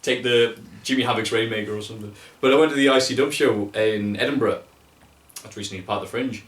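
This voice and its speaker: A man's voice: fairly low pitch, quick pace. A young man from North East England chatting casually as a guest, swearing a lot and acting out quotes in voices. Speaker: guest, wrestling video maker. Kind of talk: casual chat. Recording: echoey room, from mic distance.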